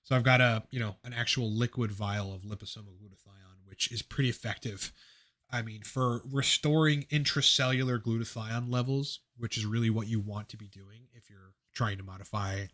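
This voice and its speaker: A man's voice: on the low side, fairly even intonation, normal speed, a bit bright. A man with a South Jersey accent hosting a casual live question-and-answer stream, talking technically and rambling with restarts and fillers close to his mic. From South Jersey, USA. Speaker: livestream host answering viewer questions. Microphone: close desk mic on a livestream.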